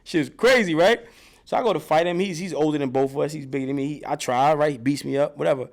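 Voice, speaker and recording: Animated streetwise man telling stories. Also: a little high, quick pace. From New York. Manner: animated, profane street storytelling with loud bursts when reenacting. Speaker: interview guest. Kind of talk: casual storytelling in an interview.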